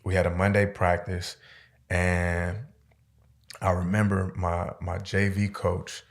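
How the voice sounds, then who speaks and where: Podcast guest, man, gravelly and lowish; slangy, swearing, lively storyteller. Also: takes it slowly. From Stockton, California. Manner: profane, slangy, animated storyteller. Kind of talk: casual storytelling interview.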